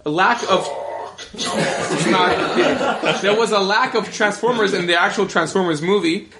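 A man co-hosting a podcast, arguing his opinions in an animated way with laughing asides. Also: sits high, roomy sound, background noise. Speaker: podcast co-host. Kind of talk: casual chat.

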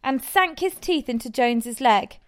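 A woman's voice: high voice, animated, normal speed. A woman voicing a sly, persuasive male pig propagandist who speaks insistently and emphatically.

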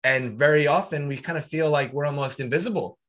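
A man's voice: on the high side, fairly quick, fairly bright tone. A man hosting a podcast, speaking earnestly and reflectively while setting up long questions. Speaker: podcast host. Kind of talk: casual interview.

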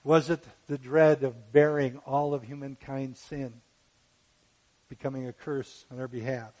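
A man preaching a sermon who rises to loud, fervent peaks when quoting scripture and fires off rhetorical questions. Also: medium pitch, little pitch movement, rough recording. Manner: asks rapid rhetorical questions.

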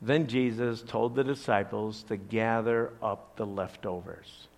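An older man, a grandfather, preaching a sermon with animated, playful storytelling and asides. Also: lowish voice, measured pace, gravelly. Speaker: pastor.

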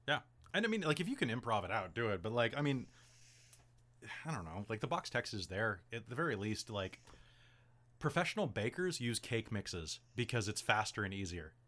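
A man's voice: lowish voice, sing-song, moderate pace, a bit bright. A man hosting a casual podcast, giving game-master advice in a chatty, rambling way full of "like" and "um". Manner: chatty, rambling, heavy use of "like" and "um".

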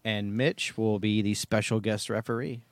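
A man's voice: fairly low pitch, steady tone, normal speed, dry recording. A man co-hosting a podcast in casual comedic chat, joking and teasing, often laughing. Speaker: podcast co-host.

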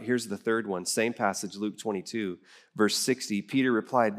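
A man's voice: lowish voice, moderate pace. Storytelling male pastor preaching. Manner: storytelling, acts out quoted voices. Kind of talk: sermon.

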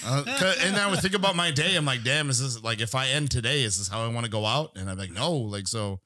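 A man's voice: mid-range voice, animated, quick pace, bright, forceful tone, no echo, clean studio sound. Laughing man telling a rowdy story. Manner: rambling, profane, laughs through his story. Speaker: podcast guest. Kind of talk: casual storytelling.

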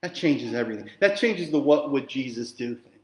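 A man preaching a sermon as pastor, from New Jersey, animated and conversational with jokey asides, swinging from quiet to loud and emphatic. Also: mid-range voice, brisk, roomy sound. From New Jersey, USA.

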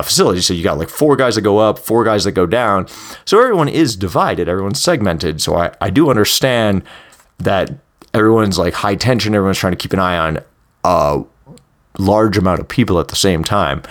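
A young man talking through personal stories in a casual, candid monologue, rambling with many fillers and some swearing. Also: deep voice. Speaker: podcast host. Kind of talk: first-person storytelling monologue.

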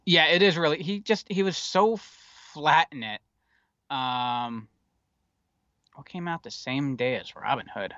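Male podcast co-host, casual and rambling, profane asides, crisp dry close sound. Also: a little high, a little slow, bright, forceful tone, no echo, dull audio. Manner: rambling, wry and profane, with many fillers. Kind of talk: casual movie chat.

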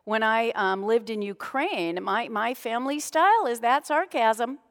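Middle-aged woman pastor, chatty sermon storyteller; higher voice, big church reverb. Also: measured pace. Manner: conversational, self-deprecating storytelling. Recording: long reverb of a large hall.

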